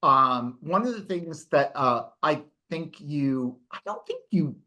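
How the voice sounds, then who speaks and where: A man's voice: on the high side, lively intonation, slow pace, bright, forceful tone. Guy running the bookstore chat, kinda rambly, keeps restarting his questions. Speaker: bookstore owner host. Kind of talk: casual chat.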